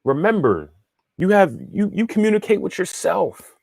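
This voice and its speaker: A man's voice: high-pitched, sing-song, normal speed, vocal fry, a little mellow, breathy edge, dry recording. Chatty man teaching in a dry voice. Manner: conversational, often checks in with the listener; repeats and restarts phrases while thinking aloud. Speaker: spiritual teacher and astrologer. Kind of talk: casual teaching monologue, answering viewer questions.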